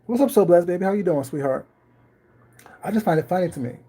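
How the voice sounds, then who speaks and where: A livestream host talks quickly in a mellow, mid-range voice with lively intonation. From a home kitchen while baking, they greet viewers by name and chat casually with wry irony.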